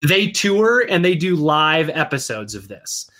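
A man with a slightly higher voice talks in a loose, chatty podcast style. He explains things at length, peppering his talk with "like" and "right?". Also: sing-song, a little slow, sharp tone. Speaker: podcast co-host. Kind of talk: casual chat about comics and games.

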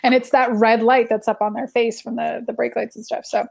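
A woman's voice: a little high, flat delivery, brisk, vocal fry, husky. A woman chatting enthusiastically with friends about a comic she loved. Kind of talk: casual chat.

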